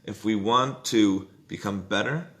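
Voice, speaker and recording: In an informal Jewish text study class, a man talks on the low side and a little slowly, in a conversational style. He often checks in with "right?" and loudly acts out inner voices.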